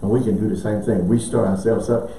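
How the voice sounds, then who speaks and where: A male pastor preaching with emphatic repetition and sudden shouts of praise. His mellow, darker voice carries from a distance through an echoing church, with a faint hiss underneath. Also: on the low side, fairly even intonation, quick pace. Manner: emphatic, repeats phrases, bursts of laughter and shouts. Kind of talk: sermon with call-and-response. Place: church sanctuary. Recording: echoey church, mic at a distance, faint noise.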